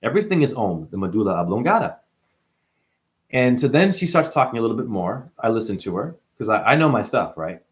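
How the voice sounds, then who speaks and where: A man talking straight to the camera as a self-styled spiritual guru, boastful and rambling, jumping from loud outbursts to muttered asides. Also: mid-range voice, sing-song, fairly quick.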